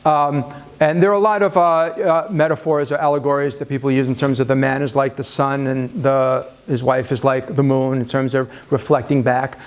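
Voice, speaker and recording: A man with a medium-pitched, flat voice speaks at a normal speed while leading a marriage seminar. He addresses the audience live and conversationally, using self-deprecating humor, with lots of fillers and restarts.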